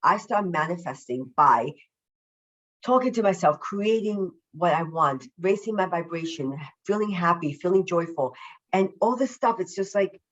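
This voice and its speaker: A woman, a self-love coach, talking as a podcast guest over a video call, effusive and emphatic, deliberately slowing down her naturally quick way of speaking. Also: fairly low pitch, lively intonation, muffled recording. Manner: deliberately slowing her usual fast speech. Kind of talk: casual podcast interview.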